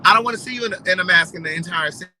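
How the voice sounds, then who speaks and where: Bright-voiced chatty man vlogging. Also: high-pitched, rapid-fire, slight background noise, poor audio. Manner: chatty, gossipy, animated retelling. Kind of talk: casual storytelling chat.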